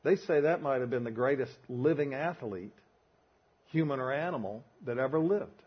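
An older man with a Southern drawl delivers a sermon to a men's Bible study group, leaning hard on homespun stories. His voice is husky, and he drives each point home with emphasis. The recording sounds dull and lo-fi. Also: medium pitch, normal speed. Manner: emphatic, folksy storytelling.

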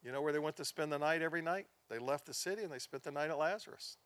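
A man's voice: fairly high pitch, very fast, fairly bright tone, dry recording. Earnest male pastor telling stories. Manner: earnest storytelling, drops to near-whispers in sad moments, rises in emphasis. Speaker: pastor teaching a class. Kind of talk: sermon-style teaching.

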